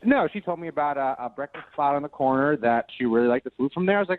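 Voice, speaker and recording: A man's voice: a little high, expressive, quick pace, hardly any pauses, no echo. A man in his late twenties calling in to a radio show, telling his story in a sheepish, rambling way. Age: 20s. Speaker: caller. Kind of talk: phone call to a radio show. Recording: tinny phone line.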